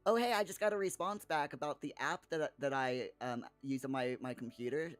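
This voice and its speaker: A man's voice: mid-range voice, brisk, faint music behind. Chatty man answering his viewers. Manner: rambling, with frequent restarts and chuckles. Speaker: streamer reading chat. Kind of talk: casual chat.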